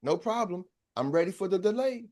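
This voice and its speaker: Mellow yet high-pitched and animated, this middle-aged man speaks a little fast. A sales coach, he gives a motivational speech, preaching through stories and calling out to listeners.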